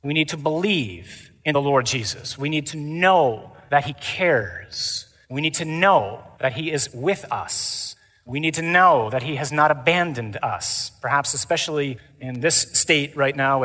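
Priest preaching, bright voice, long hall echo, jokey and theatrical. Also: male voice, on the high side. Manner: animated, theatrical, mimics stuffy readings for laughs. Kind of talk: sermon at a men's conference. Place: large conference hall. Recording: live hall reverb.

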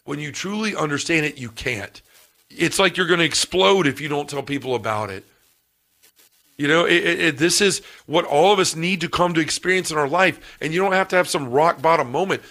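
Male preacher-podcaster, higher pitch, bright tone, fervent and repetitive. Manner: fervent, repeats phrases, quotes scripture. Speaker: podcast host. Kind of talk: preaching talk.

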